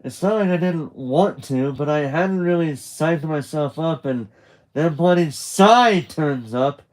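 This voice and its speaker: Man doing an upset, apologetic teen boy, pitched up, reading live, slow pace. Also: a little mellow, lightly acted, rough recording. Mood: flustered. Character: anxious, emotional teenage boy, flustered and apologetic.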